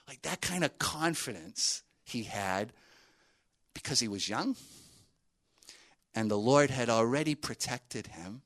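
A man telling a story in a sermon to a group, conversational, with many fillers and asides. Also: medium pitch.

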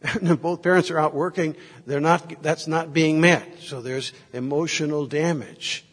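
Husky male priest, reflective storyteller, echoing hall around him. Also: fairly high pitch, steady tone, measured pace, a bit bright. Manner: reflective storytelling, moving in and out of quoted voices. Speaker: Catholic priest. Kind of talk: sermon with anecdotes.

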